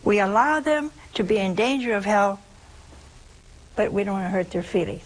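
A woman's voice: medium pitch, animated, normal speed, a little hiss or hum, low-quality recording. A woman giving an informal sermon in a homey, humorous way, asking her listeners rhetorical questions. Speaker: religious speaker.

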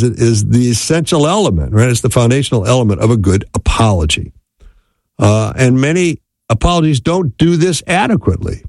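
A man giving a relaxed, conversational teaching talk on marriage, often checking in with "right?" and "okay?". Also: mid-range voice, dry recording. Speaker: speaker on marriage.

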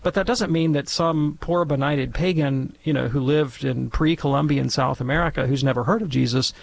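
Gravelly-voiced man explaining theology. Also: a little high, moderate pace. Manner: academic, lecturing, wry. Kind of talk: call-in radio commentary.

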